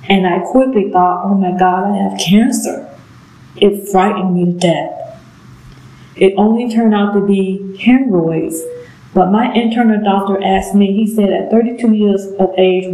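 A middle-aged woman giving an earnest, emotional personal testimony, halting now and then with pauses. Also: mid-range voice, creaky, warm tone. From southern United States. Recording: echoey room.

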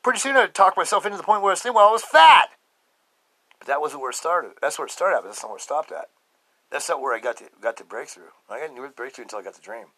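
A middle-aged man hosting a podcast, telling his own story emphatically and swinging between loud outbursts and low murmurs. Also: lively intonation, fast talker, dry recording, low-quality recording. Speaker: podcast host. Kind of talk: personal testimony monologue.

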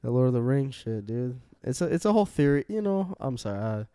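A man's voice: mid-range voice, sing-song, a little fast, warm tone, clear, resonant tone, no room sound, studio quality. A young man co-hosting a podcast, rambling in casual banter with crude words and many fillers. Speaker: podcast co-host.

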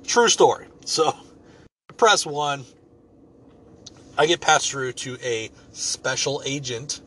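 A man's voice: mid-range voice, animated, takes it slowly, long pauses, fairly bright tone, slight background noise. A man telling a story in a casual, rambling way, swearing freely and joking as he goes. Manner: profane, rambling, loose and joking.

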